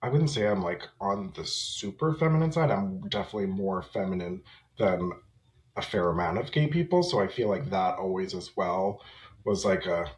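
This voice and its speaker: A man in his thirties shares his personal story as a podcast guest, speaking candidly and reflectively. His voice sits a little on the low side. The recording carries a noticeable roomy echo. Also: lively intonation, moderate pace. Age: 30s. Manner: reflective, candid, with small laughs. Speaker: podcast guest, memoir author.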